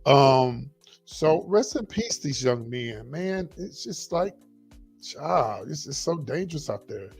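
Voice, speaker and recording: A man's voice: mid-range voice, big pitch swings, slow pace, vocal fry, darkish tone, husky, soft background music. A middle-aged man hosting a casual livestream, chatting with viewers, repeating himself and calling them y'all. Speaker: livestream host. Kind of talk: casual livestream chat reading viewer comments.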